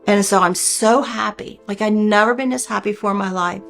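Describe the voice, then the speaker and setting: An older woman in her sixties recounts a personal story with earnest, heartfelt feeling. Her voice sits at a middle pitch, and she often slips into the words she and others once said. Faint music plays softly behind her. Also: brisk, gravelly. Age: 60s. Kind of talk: personal testimony.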